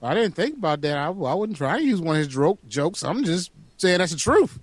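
A man's voice: on the high side, big pitch swings, fairly quick, no room sound. A man co-hosting a podcast in casual, profane banter, laughing and teasing. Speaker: podcast co-host.

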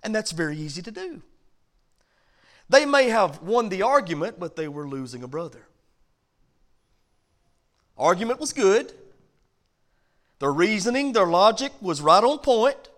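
High-voiced pastor teaching Bible study. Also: male voice, big pitch swings, measured pace, long pauses. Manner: conversational preaching with big swings in loudness. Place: church.

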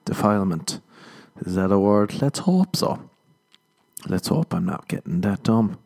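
Irish male podcaster, lowish voice, loose self-mocking comic rambling. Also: steady tone, normal speed, vocal fry, a little mellow. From Ireland. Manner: rambling, self-mocking storytelling with acted-out dialogue. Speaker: podcast host. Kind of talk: comedic solo podcast monologue.

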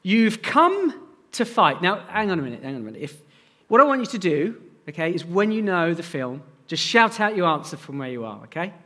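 A man preaching a sermon and talking directly to his congregation in a lively, engaging way. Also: on the high side, fast talker, few pauses. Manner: animated, addresses the congregation directly. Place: church.

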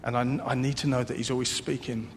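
A man preaching a sermon in an earnest way, repeating phrases and swinging between loud emphasis and hushed, soft passages. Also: level tone, fast. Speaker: pastor. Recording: long hall reverb with faint low rumble.

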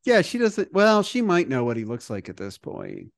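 A man's voice: high voice, huge pitch swings, moderate pace, vocal fry, no room sound, studio quality. A man co-hosting a podcast, casually retelling a movie's plot with lots of fillers and acted-out quotes. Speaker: podcast co-host. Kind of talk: casual movie recap chat.

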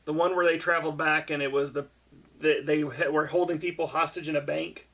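A man with a gravelly, bright and tense voice gives blunt opinions in a casual group podcast chat. He pitches in with wisecracks and strong takes. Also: steady tone, brisk. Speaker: podcast co-host.

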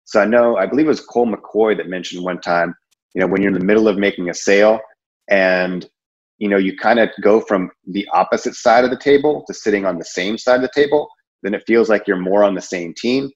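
Rambling low-voiced man, lo-fi. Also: a little fast. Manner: rambling, conversational, many fillers and restarts. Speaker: insurance sales presenter. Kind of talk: casual training talk.

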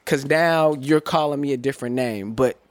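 A man co-hosting a podcast, talking in casual, animated chat and building hypotheticals with free swearing. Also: mid-range voice, normal speed, no room sound. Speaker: podcast co-host.

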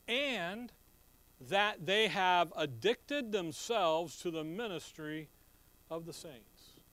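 A man's voice: high-pitched, fairly bright tone, no echo. A man preaching a sermon to his congregation, reading scripture and explaining it in a folksy, conversational way full of rhetorical questions. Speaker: pastor.

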